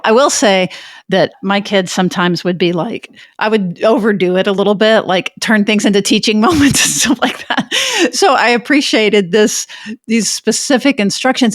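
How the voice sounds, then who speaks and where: A woman's voice: mid-range voice, dry recording, clean studio sound. A woman co-host in a casual podcast conversation, appreciative and laughing easily.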